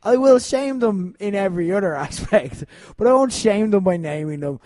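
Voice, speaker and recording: Animated and mellow, his high voice moves at a moderate pace on a dry recording. He's co-hosting a laid-back podcast, telling rambling stories full of laughter and the odd curse.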